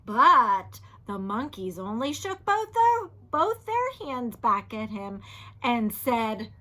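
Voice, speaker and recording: A woman teacher reads a children's storybook aloud in a slow, animated way, her voice on the high side. She asks the children questions and now and then drops to a whisper.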